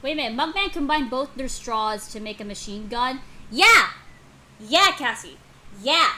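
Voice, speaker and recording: Young woman reacting to a comic, swears a ton, bright voice, swoops up and down, slow-ish. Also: fairly high pitch, a little hiss or hum, poor audio. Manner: excitable, swears a lot, gasps and exclaims. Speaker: YouTuber reacting to a comic dub. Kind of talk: casual reaction commentary.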